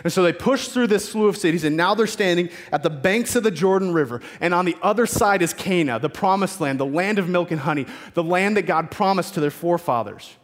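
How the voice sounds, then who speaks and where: A man's voice: high voice, lively intonation, a little fast, hardly any pauses, in a large hall. A man preaching a sermon, retelling scripture in casual modern speech and voicing the figures in it.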